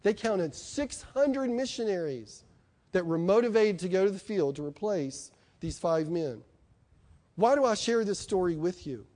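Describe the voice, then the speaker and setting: A middle-aged male preacher delivers a sermon in a conversational, emphatic style. He often turns to the congregation with questions. His voice is fairly high and mellow. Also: expressive, a little slow.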